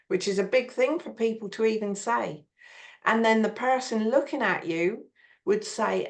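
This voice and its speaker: A woman's voice: medium pitch, moderate pace. Woman host, mid voice, encouraging and keen. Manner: warm, encouraging, enthusiastic. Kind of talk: casual conversation.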